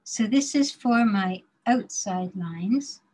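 A woman teaching a drawing class, explaining slowly and carefully while she demonstrates, now and then murmuring to herself as she works. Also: medium pitch, lively intonation, a little mellow, low-quality recording. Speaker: design drawing instructor.

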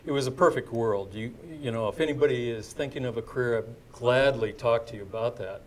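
A man's voice: mid-range voice, brisk. Older man, live storyteller, rambling, chuckling asides to the audience, self-corrections. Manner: chatty and digressive, with restarts, asides to the crowd and chuckles. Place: indoor event before a live audience.

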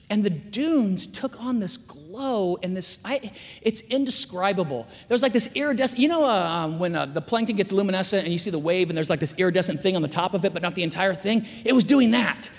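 A man in his forties giving an animated chapel sermon to students, swinging between loud emphatic lines and hushed asides. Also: high voice, brisk. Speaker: guest chapel speaker. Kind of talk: energetic chapel sermon with storytelling. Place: school chapel, large room. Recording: long hall reverb.

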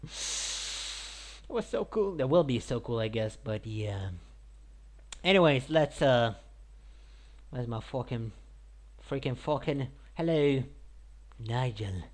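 A man giving casual, rambling gameplay commentary, full of "like" and "mate" and bursting into loud high shouts. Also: slow pace, long pauses. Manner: says "like", "mate" and "I guess" often. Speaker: gaming YouTuber.

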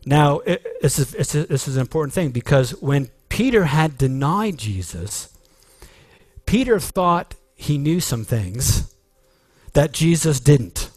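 A male pastor delivers a sermon at an unhurried pace, leaning into key words with earnest emphasis. He often restarts his phrases mid-thought. The sound is dry and close, with no room echo. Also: fairly high pitch, animated, a little mellow.

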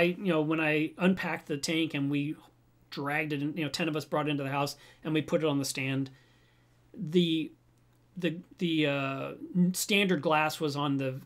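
Animated chuckling man chatting with viewers. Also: a little high. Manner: animated storyteller, chuckles often, frequent restarts. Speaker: reef aquarium channel host. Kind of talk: casual live chat answering viewer comments.

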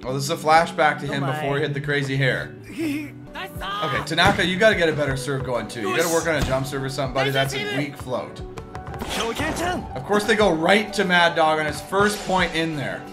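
A man giving casual, excitable reaction commentary on a sports anime, breaking into cheers at big plays. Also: a little high, a little fast. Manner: excited outbursts cheering the play. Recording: music playing behind.

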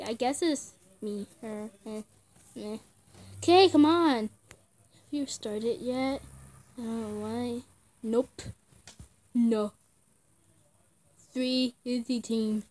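A woman's voice: on the high side, slow pace, pauses often, darkish tone. A young woman giving casual gameplay commentary in short outbursts, often screaming and laughing. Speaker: gamer.

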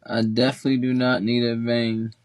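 A man's voice: medium pitch, little pitch movement, brisk. A man chatting casually on a livestream, laid-back and thanking viewers by name.

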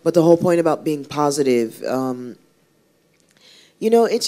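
A woman's voice: low-pitched, expressive, normal speed, mellow. A woman singer, a guest on an interview show, talking casually and telling a rambling story with many restarts. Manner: chatty, rambling storyteller who restarts often.

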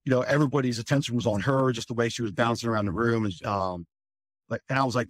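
A firefighter, telling a candid, rambling personal story in an interview, full of fillers and swearing. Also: male voice, mid-range voice, fairly even intonation, fast, slightly rough, no room sound.

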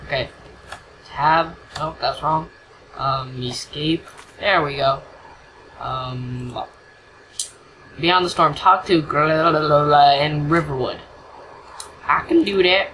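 A gamer chats through a play session in an unhurried, bright voice, cracking jokes at the game and humming silly tunes. A faint background hiss sits under the voice. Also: medium pitch, rough recording. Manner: goofy, sings nonsense and jokes at the game. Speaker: gameplay commentator. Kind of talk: casual let's-play commentary.

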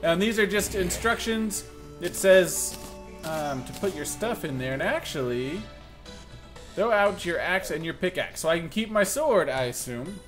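A young man talks through a video game in a casual, joking commentary, often breaking into sudden loud yelps of alarm. His voice sits a little high, and faint background music plays underneath him. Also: measured pace. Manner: excitable and self-mocking, jumps to loud outbursts. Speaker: gaming channel host.

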